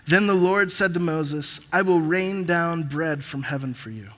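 A man's voice: a little high, fairly bright tone. Preaching man in a reverberant hall. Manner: preaching, reading scripture aloud with pauses. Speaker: pastor. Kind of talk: sermon with scripture reading. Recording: long reverb of a large hall.

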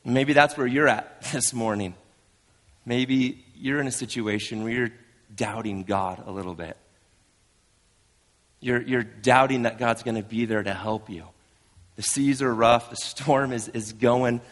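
A man's voice: mid-range voice, a little slow. Earnest 30s pastor guy, chatty sermon, lots of restarts, big echoey church. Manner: earnest, conversational, with frequent restarts.

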